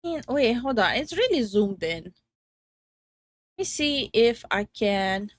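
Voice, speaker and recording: A woman's voice: on the high side, very animated, takes it slowly, dry recording, studio quality. A young woman co-hosting a casual livestream from home, giggly and greeting chat viewers by name. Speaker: streamer co-host. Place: home streaming room.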